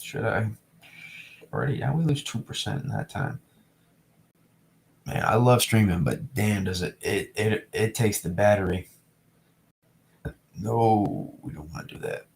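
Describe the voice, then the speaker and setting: A man's voice: lowish voice, sing-song, a little slow, creaky, long pauses, slight background noise. A young man from New England chatting casually to his live-stream viewers, rambling and repeating himself as he reads the chat. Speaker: weather streamer.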